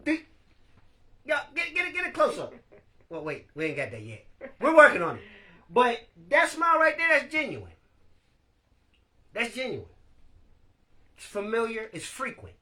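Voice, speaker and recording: Bright high-voiced man hosting a live stream. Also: normal speed, pauses often. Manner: animated, laughs often, talks to viewers. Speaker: podcast host. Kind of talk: casual live-stream chat.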